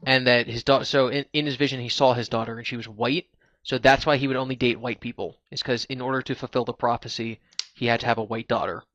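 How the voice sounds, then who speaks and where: A man hosting a live stream, talking through a long story and circling back with "like" and quick restarts. His voice sits at a middle pitch. The sound is dull and lo-fi, with a dry close mic. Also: fairly even intonation, a bit bright, no room sound. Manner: chatty, explains at length with many "like"s. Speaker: podcast host. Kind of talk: casual live-stream chat.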